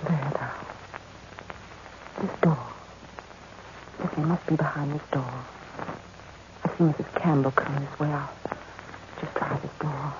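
An actress playing a nervous, tender young governess in a 1940s radio drama, talking in a breathy, anxious way. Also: female voice, low-pitched, fairly even intonation, measured pace, long pauses. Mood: soothing. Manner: breathy, anxious inner monologue. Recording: noisy, muffled 1940s radio recording.

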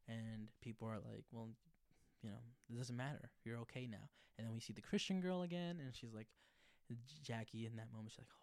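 A man's voice: medium pitch, fairly even intonation, fairly quick, darkish tone, smooth, no room sound. Loose, swearing young man recapping a show. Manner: loose and profane, acting out quotes in brief. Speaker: podcast host. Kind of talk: casual recap monologue.

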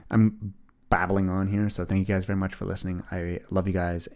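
A man's voice: sits low, a little mellow. A man in his twenties talking alone on his podcast, earnest and rambling as he encourages his listeners. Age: 20s. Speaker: podcast host. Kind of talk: casual solo podcast monologue.

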